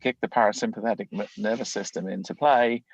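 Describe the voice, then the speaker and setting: A man's voice: fairly low pitch, fairly even intonation, fast, vocal fry, no echo, dull audio. A man, a leadership coach, explaining ideas in a conversational interview, often acting out inner thoughts as quoted voices.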